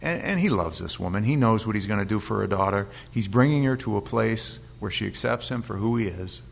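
A middle-aged man teaching from the Bible in a relaxed, conversational way. He reads scripture aloud, then unpacks it in plain, everyday language. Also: lowish voice, a little fast, creaky, slight background noise. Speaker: pastor.

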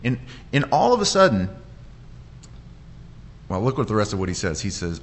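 A man's voice: medium pitch, brisk, long pauses, a little hiss or hum. Man preaching a conversational sermon. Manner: conversational, with frequent restarts and animated quoted voices. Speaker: pastor. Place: church.

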